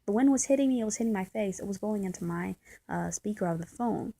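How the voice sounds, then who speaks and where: A woman's voice: medium pitch, fast, gravelly, warm tone, slight background noise, rough recording. A woman vlogger speaking in a candid, venting confessional monologue, often repeating and restarting her words.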